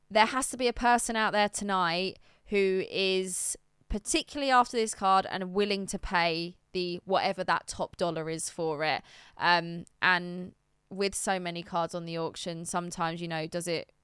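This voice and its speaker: A woman's voice: fairly low pitch, moderate pace, a bit bright, clear, resonant tone, no room sound, clean studio sound. A woman co-hosting a live stream, chatting casually and thinking aloud with plenty of ums. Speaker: stream co-host.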